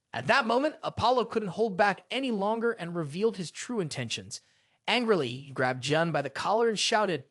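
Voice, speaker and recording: A man's voice: sits high, expressive, fairly quick, fairly bright tone, no room sound, studio quality. A man narrating a fantasy story recap in a scripted, dramatic storytelling manner.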